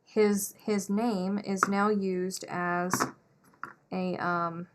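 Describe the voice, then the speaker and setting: Slow-talking woman crochet host. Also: mid-range voice, little pitch movement, background noise. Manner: unhurried, chatty, laughs often. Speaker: crochet live stream host. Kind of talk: casual chat while crocheting.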